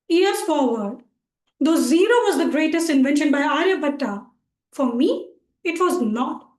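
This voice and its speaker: Indian woman in her twenties, humorous speech, playful storytelling, high voice, roomy video call echo. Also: darkish tone. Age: 20s. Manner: playful storytelling with dramatic emphasis. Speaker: speech contestant.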